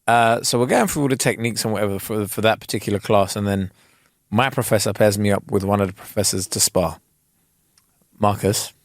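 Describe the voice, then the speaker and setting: A man co-hosting a podcast, telling a story with lots of slang. His pitch swings widely as he talks. The sound is dry and close. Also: gravelly, no room sound. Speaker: podcast co-host. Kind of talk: casual chat.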